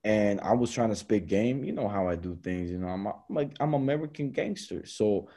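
A young man with a low, mellow, dark-toned voice hosts a podcast, telling stories casually. His talk is slangy and animated, peppered with bro and man. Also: brisk. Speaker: podcast host. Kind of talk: casual storytelling chat.

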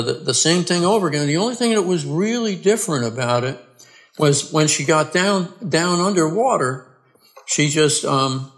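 A man, a podcast guest, earnestly telling his own story in a halting way, restarting and repeating words. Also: fairly high pitch, gravelly. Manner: earnest and plain-spoken. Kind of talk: conversational storytelling.

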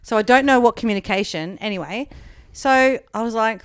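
A woman's voice: on the high side, expressive, fast, clean tone, no room sound. A woman comedian telling a long story in casual chat, full of "like" and acting out the quoted lines. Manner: chatty, peppered with "like", acts out quoted dialogue.

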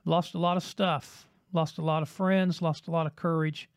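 A man preaching a broadcast sermon, with rhythmic repetition, dramatic pauses and swings between loud and hushed delivery. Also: a little high, flat delivery, smooth, no room sound, studio quality. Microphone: broadcast mic.

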